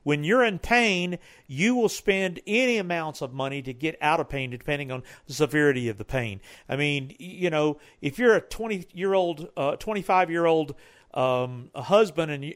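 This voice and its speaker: A man co-hosting a talk, giving business advice in a rambling, loosely built way. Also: a little high. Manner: rambling, with many restarts and fillers.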